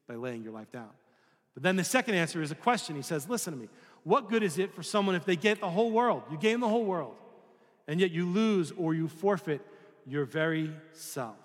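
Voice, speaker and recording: A man's voice: a little high, long reverb tail. A male pastor giving a sermon in a conversational style, asking the listeners questions and sometimes acting out voices. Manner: conversational preaching with rhetorical questions and acted-out voices.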